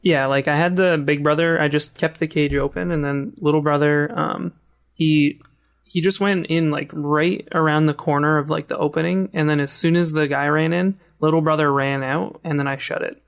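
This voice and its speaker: A man appearing as a podcast guest, chatting casually and hesitantly with many pauses. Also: on the high side, steady tone, creaky. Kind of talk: casual chat.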